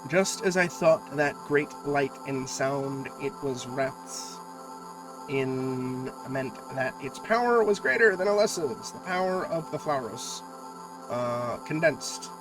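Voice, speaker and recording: A man's voice: a little high, lively intonation, unhurried, poor audio. A man streamer reading a visual novel aloud in an earnest, dramatic way with jokey asides. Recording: music playing clearly behind.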